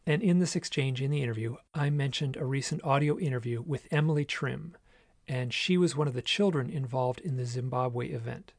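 Male podcast host, solo storytelling, earnest and measured, gravelly voice, close dry mic. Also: medium pitch, no echo. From United States.

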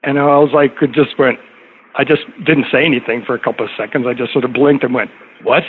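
A man's voice: mid-range voice, fairly even intonation, quick pace. A middle-aged man telling a story in casual conversation, rambling with many fillers and restarts. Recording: tinny phone-like line with faint noise.

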